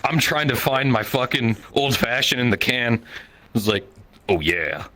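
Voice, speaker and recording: A man in his thirties telling a profane, animated stand-up story on a comedy show stage, jumping into different voices for the people he quotes. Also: mid-range voice, unhurried.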